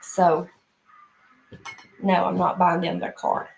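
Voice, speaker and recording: A middle-aged woman and mother hosting a casual live stream, chatty and unhurried, with frequent fillers and laughs. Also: lowish voice, flat delivery, vocal fry, slight background noise, poor audio.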